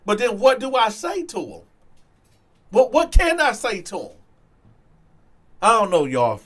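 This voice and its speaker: A storytime channel host addresses his viewers directly in an animated casual monologue, dropping "y'all" often and stammering into restarts. His voice is high and his pace measured.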